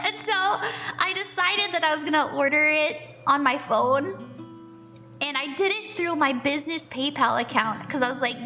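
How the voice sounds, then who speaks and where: A woman streaming a spellwork session, chatting casually with a giggly, bubbly manner and slipping into soft, slow affirmations. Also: high-pitched, soft background music. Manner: bubbly and giggly, often laughs. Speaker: streamer doing tarot and spellwork. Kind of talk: casual livestream chat.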